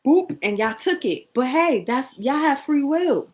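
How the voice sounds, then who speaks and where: A young woman, talking casually and earnestly in a personal vlog. She repeats herself and sometimes drops into a soft whisper. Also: high-pitched, lively intonation, unhurried, poor audio. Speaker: vlogger. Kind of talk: emotional personal vlog monologue.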